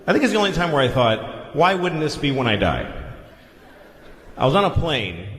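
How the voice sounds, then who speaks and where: A man's voice: fairly high pitch, very animated, moderate pace, a bit bright, reverberant, big-room sound. A man performing a stand-up routine, profane and wry, mimicking a pilot's announcements. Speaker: stand-up comedian.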